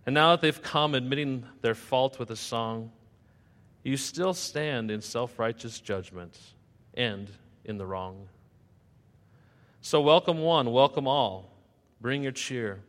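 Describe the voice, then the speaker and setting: A man's voice: mid-range voice, slow pace, a bit bright. A male pastor preaching a sermon and telling a story in sing-song rhyme. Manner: rhythmic, sing-song rhyming delivery. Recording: long reverb of a hall.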